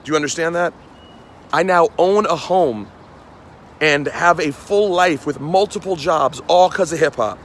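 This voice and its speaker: Walking a city street, a radio host in his forties from New City, New York City, angrily berates people on camera, repeating lines for emphasis. He talks at normal speed in a fairly high voice, and slight hiss or hum sits under the recording.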